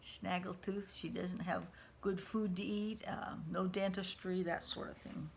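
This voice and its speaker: A woman's voice: on the low side, level tone, unhurried, gravelly, a little hiss or hum. A woman reading a first-person novel aloud, stopping now and then to comment in a casual way. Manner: unpolished reading, stops to comment. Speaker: reader of a novel.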